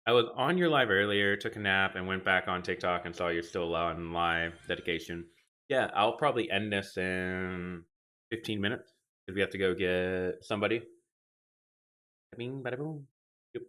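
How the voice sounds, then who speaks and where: Low-voiced young man chatting on stream. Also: moderate pace, pushed and bright, smooth. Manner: rambling, talks to chat and reads out comments. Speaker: live streamer. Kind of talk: casual live-stream chat with viewers. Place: home gaming setup. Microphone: desk microphone.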